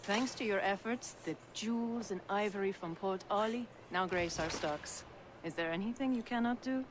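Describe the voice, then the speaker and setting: An actress playing a shrewd female merchant in a Viking-age video game, flattering and businesslike. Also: mid-range voice, normal speed, noisy background, lightly acted. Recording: game audio with busy crowd behind.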